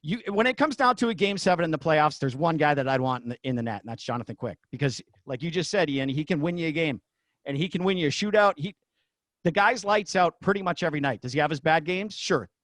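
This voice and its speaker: Excitable man telling arena stories, dry sound. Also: a little high, quick pace, no echo. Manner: excitable, acts out shouted quotes. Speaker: guest, former arena announcer. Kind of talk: animated storytelling in a podcast interview.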